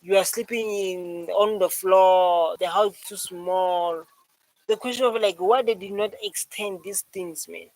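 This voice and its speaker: A man's voice: high voice, fairly even intonation, unhurried, darkish tone, no room sound, poor audio. A man with a South African accent giving a rambling, repetitive reaction commentary, full of fillers. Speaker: reaction video host.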